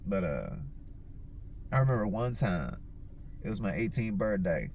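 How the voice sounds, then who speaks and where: A man hosting a podcast, telling casual stories in a rambling, heavily profane way, with lots of "like" fillers and his own quotes acted out in sudden jumps of pitch. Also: big pitch swings, a little slow, creaky, pauses often, a little mellow, a little hiss or hum. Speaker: podcast host. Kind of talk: casual storytelling.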